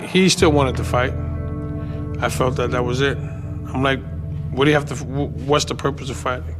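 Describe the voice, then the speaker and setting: Flat-voiced boxing trainer in an interview. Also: male voice, mid-range voice, moderate pace. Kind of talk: interview recollection. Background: loud guitar music.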